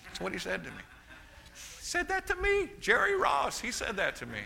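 A man's voice: very high voice, huge pitch swings, moderate pace, gravelly, sharp tone. A middle-aged man preaching a sermon, telling a personal story with frequent restarts and asides to the congregation.

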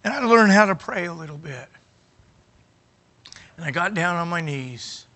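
A middle-aged man preaching his testimony in a high, very bright voice. He is emotional, climbing to near shouts and dropping to hushed moments, and he often restarts his sentences. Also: expressive, moderate pace. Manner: emotional, rising to near shouting at climaxes, dropping quiet at others; repeats words and restarts phrases. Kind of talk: sermon storytelling.

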